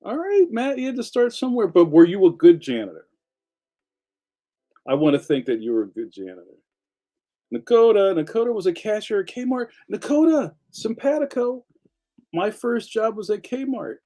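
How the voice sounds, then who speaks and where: A man hosting a relaxed live show, reading viewer comments out loud and reacting with easy laughter. His voice sits a bit high but has a mellow, soft tone. His pitch jumps up sharply when something surprises him. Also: moderate pace. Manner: chatty, laughs often, animated pitch jumps. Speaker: livestream host.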